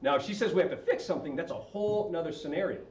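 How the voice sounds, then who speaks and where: A man speaks informally to a group about marriage, asking the audience questions along the way. His high-leaning voice is gravelly and a little mellow, very animated and very fast. The recording sounds dull and echoey, captured far from the mic.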